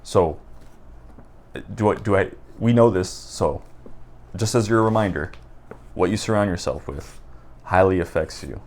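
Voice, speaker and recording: A man talking off the top of his head in an unedited video, rambling and halting with many restarts. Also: sits low, a little mellow. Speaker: book vlogger. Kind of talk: unscripted casual talk to camera. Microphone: raw unedited recording.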